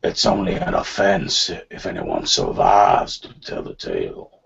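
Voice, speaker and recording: A man voicing a menacing, gun-drawing sheriff in a slow, low threat. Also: huge pitch swings, creaky, fairly bright tone, husky, lo-fi sound, exaggerated voice.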